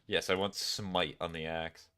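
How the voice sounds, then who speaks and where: A man's voice: sits low, fairly even intonation, a little slow, pushed and bright, clean tone. A man streamer chatting casually while playing a game, rambling and talking to his viewers. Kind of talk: casual gameplay chat.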